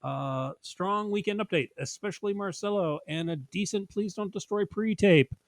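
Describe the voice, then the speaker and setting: A man co-hosting a podcast in casual chat, laughing easily and filling pauses with ums as he reads listener comments. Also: sits high, no room sound. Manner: chatty, laughing easily, halting fillers. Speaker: podcast co-host.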